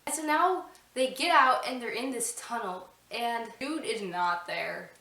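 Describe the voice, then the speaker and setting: A woman chatting casually about a book she loved, retelling the plot excitedly with lots of "I'm like" asides. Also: fairly high pitch, a little slow, creaky. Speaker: book reviewer. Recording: roomy echo, distant mic.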